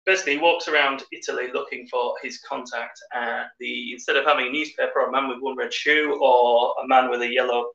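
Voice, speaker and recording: A man's voice: mid-range voice, fairly even intonation, brisk, vocal fry, hardly any pauses, bright, forceful tone. A man co-hosting a casual drinking show, rambling through sweary stories. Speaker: co-host. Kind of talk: casual boozy chat. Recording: roomy, distant, muffled stream audio.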